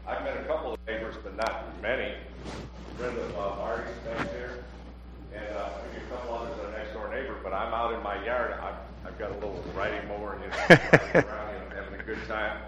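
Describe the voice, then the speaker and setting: Churchgoer man, lowish voice, hesitant storytelling, very echoey dull noisy sound. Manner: hesitant, with fillers and restarts. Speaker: congregation member sharing a story. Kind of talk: casual testimony.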